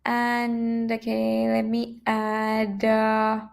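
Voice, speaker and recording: A woman's voice: on the high side, monotone, extremely slow, vocal fry. Chatty woman teaching a live coding lesson. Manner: chatty, thinks aloud with many fillers and restarts.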